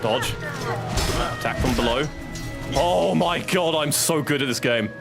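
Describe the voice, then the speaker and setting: Here the English streamer's voice is on the high side, with vocal fry and a measured pace, set against loud music. Excitable, he chats casually through his gameplay and yelps and swears every time he hits a setback.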